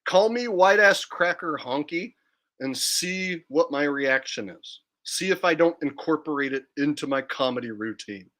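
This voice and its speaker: Guy ranting and cussing on his vlog, swoopy bright voice, mocking. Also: on the high side, expressive, measured pace. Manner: profane, mocking, provocative. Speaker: video blogger. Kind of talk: ranting monologue.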